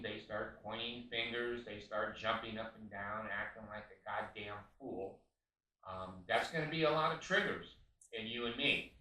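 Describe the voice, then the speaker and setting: A man's voice: medium pitch, pushed and bright. A man in his late seventies, a counselor giving blunt spiritual advice with profanity and many fillers. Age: 70s. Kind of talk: spiritual self-help monologue. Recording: echoey room, far from mic.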